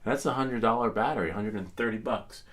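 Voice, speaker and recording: A man's voice: fairly low pitch, fast talker, a bit bright. A man hosting a casual livestream, answering viewer questions in a rambling way that trails off and restarts with many ums.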